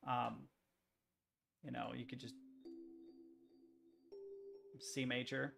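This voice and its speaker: A man's voice: mid-range voice, flat delivery, very slow, vocal fry, a bit bright. A man streaming, chatting casually in a rambling, self-interrupting way while he makes music on a computer, swearing now and then.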